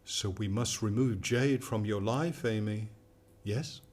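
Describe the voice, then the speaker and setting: An actor playing a sinister, controlling male AI companion who talks in a calm, soothing, manipulative way in a radio drama. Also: lowish voice, takes it slowly. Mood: coaxing.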